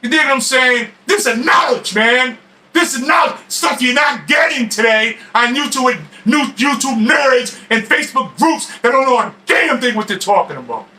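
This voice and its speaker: A middle-aged man and boxing expert, ranting fiercely to camera in streetwise slang, often shouting and stumbling over his restarts. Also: very high voice, lively intonation, moderate pace, poor audio. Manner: fiery, shouting, stammering restarts.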